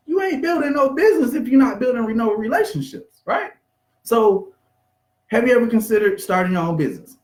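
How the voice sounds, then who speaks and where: A man giving an energetic, conversational motivational business talk, acting out bits of small talk. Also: sits high, fairly quick, echoey room. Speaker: business coach.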